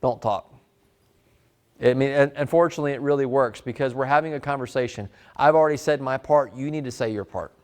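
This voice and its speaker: A man teaching a live sales training class in a casual, animated way, slipping into short customer role-plays. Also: mid-range voice, a little fast. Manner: animated, conversational, drops into customer role-play.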